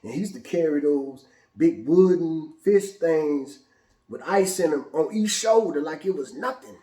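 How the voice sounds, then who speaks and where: Male host, fairly high voice, animated profane storyteller, echoey room. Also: unhurried. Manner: animated, casual, profane, restarts often. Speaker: show host. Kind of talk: personal storytelling.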